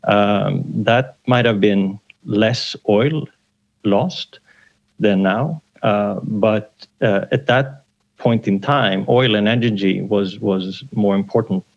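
Professor man from Sweden, low gravelly voice, hesitant, dull breaking-up call line. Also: takes it slowly. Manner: hesitant, many fillers. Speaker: economics professor guest. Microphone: remote call line.

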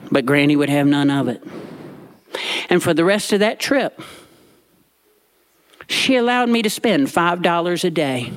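A man telling a funny personal story from his childhood with comic timing and drawn-out pauses. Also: high-pitched, lively intonation.

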